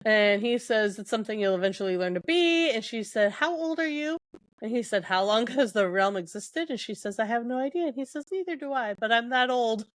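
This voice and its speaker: A woman's voice: a little high, fairly quick, hardly any pauses, no room sound. Young woman podcaster recapping a fantasy book, says um a lot, dry close sound. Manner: retells scenes with quoted dialogue, many fillers. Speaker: podcast co-host.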